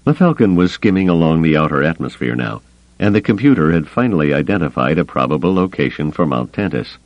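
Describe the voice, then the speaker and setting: A man reading an audiobook in a measured, expressive storytelling manner. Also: extremely low pitch, dry recording. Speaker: audiobook narrator. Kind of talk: scripted audiobook narration. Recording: dry, slightly muffled studio recording.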